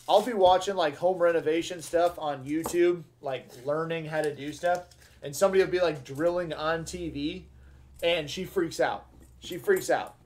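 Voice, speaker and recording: A man hosts a live stream, chatting casually with his viewers in a slangy, excitable way. His voice sits a little high for a man. He takes his time and drawls through his words. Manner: excitable and slangy, with loud bursts over finds. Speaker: host of a live coin-roll hunting stream.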